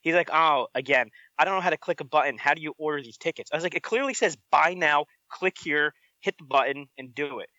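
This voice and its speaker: A man chatting as a podcast co-host, protesting in a fast, exasperated way. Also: a little high, bright, forceful tone, no echo, muffled recording. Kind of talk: casual chat.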